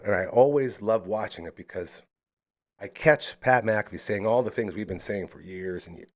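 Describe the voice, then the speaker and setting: A man hosting a live local podcast, chatting casually and rambling through enthusiastic sponsor plugs. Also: medium pitch. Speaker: podcast host.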